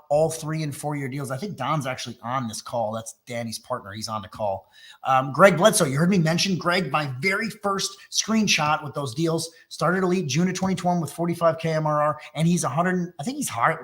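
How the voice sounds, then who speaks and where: Upbeat man from Texas, sales-webinar host, higher-pitched voice, quick salesy patter. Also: fairly bright tone. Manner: fast, enthusiastic salesy delivery.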